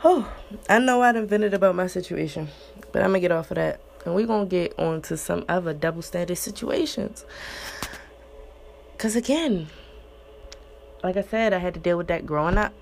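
A young woman rants in a casual, profane monologue about double standards in relationships and family. Her voice has a gravelly fry and often leaps into loud, high-pitched bursts. Faint background hiss sits under the talk. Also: moderate pace, pauses often.

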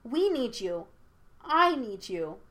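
Upset young boy, earnest and stubborn, pitched up high, played by a woman reader. Pleading, protesting storybook voice. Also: animated, unhurried.

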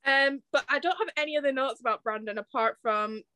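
A young woman co-hosting a podcast in casual chat, laughing often and filling pauses with ums. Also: high-pitched, sharp tone, smooth, no echo. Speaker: podcast co-host.

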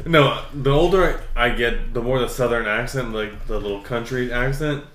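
A man's voice: medium pitch, moderate pace, fairly bright tone, slight background noise. A man co-hosting a casual podcast, joking around and acting out imagined conversations with friends. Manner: joking, acts out imagined dialogue. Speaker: podcast co-host. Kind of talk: casual banter. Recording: echoey room.

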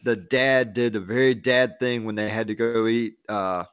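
A man's voice: lowish voice, steady tone, moderate pace, smooth, no room sound. A man on a casual podcast chat, talking bluntly and swearing freely. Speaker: podcast co-host. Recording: dull lo-fi dry mic.

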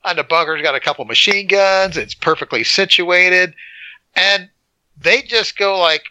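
A man co-hosting a casual movie review podcast, telling a scene as an animated storyteller who acts out the moments. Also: high voice, measured pace, dry recording, poor audio. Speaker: podcast co-host.

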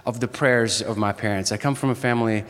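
A man's voice: fairly low pitch, steady tone, a little fast, a bit bright. A man in his thirties from Ukraine with a Southern US accent, giving a chapel sermon in a joking, storytelling way. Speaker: chapel speaker. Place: university chapel. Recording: echoey hall.

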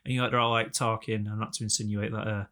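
A young man rambles through a casual podcast chat, swearing freely and getting animated. His voice sits low with a gravelly edge. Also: quick pace. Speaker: podcast co-host.

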